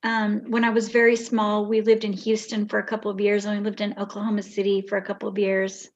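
A woman's voice: medium pitch, monotone, fast talker, lo-fi sound. An older woman from the Bay Area, a podcast guest telling rambling stories about her childhood with many restarts. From Bay Area, California. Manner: rambling, warm reminiscing with restarts. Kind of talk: casual storytelling.

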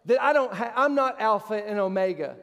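Pastor, male, high tenor preacher; emphatic delivery, sharp jumps on questions; long hall reverb. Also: lively intonation, brisk, vocal fry, highs cut off. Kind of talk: sermon.

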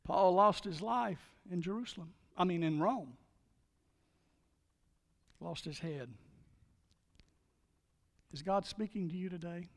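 A man with a high voice preaches a sermon from the pulpit. He surges into loud, driving calls and then sinks to hushed, earnest appeals. His voice rings with the long reverb of a large church hall. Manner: dynamic preaching, swings from shouts to hushed appeals. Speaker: pastor.

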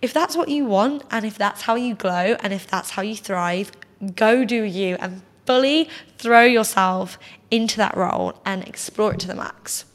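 A woman's voice: mid-range voice, normal speed. Chatty woman in a reverberant room. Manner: chatty, heavy use of "like", animated quoting. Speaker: podcast host. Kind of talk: casual personal storytelling. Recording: long hall reverb.

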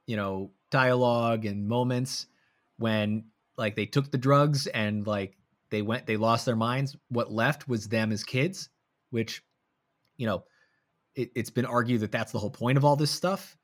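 A man co-hosting a casual movie podcast, rambling with many fillers and trailing off softly. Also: medium pitch, a little slow. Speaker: podcast co-host. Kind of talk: casual movie review chat.

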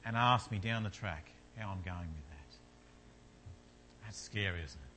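Bright-voiced man preaching. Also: low voice, a little slow, a little hiss or hum. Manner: earnest, builds to fervent repetition. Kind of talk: sermon.

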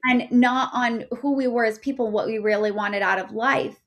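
This woman in her thirties is a guest on a podcast, chatting her way through a personal story with lots of fillers. Her voice is slightly high and moves at a moderate pace, rising in volume whenever she gets excited.

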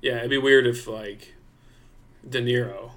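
A man's voice: medium pitch, unhurried. A man co-hosting a casual comedy podcast, playful and joking. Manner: playful, animated. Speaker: podcast co-host.

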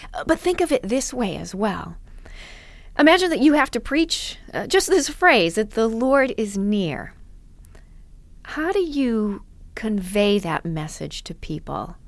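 A woman giving a devotional teaching talk to preachers, earnest and emphatic, with repeated phrases and soft drops to a near whisper. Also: mid-range voice, no echo. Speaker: preaching instructor.

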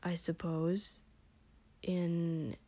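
A woman voicing a shy, earnest young man who speaks in soft, halting whispers. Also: fairly low pitch, flat delivery, no room sound, heavily acted. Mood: hesitant.

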